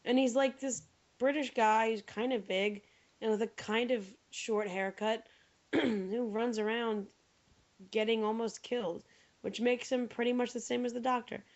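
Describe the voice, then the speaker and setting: A woman's voice: on the high side, steady tone, measured pace. A young woman co-hosting a podcast, chatting and joking with a lot of "like". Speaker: podcast co-host. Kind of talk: casual chat. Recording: dull lo-fi podcast audio.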